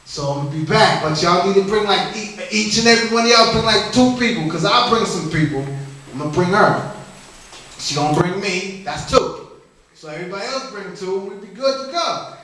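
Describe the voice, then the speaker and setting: A high, bright male voice rambling through a profane stand-up story at an open mic, crowd work thrown in. He sounds far from the mic in a very echoey club room. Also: expressive, fairly quick, a little hiss or hum. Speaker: stand-up comedian. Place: comedy lounge stage.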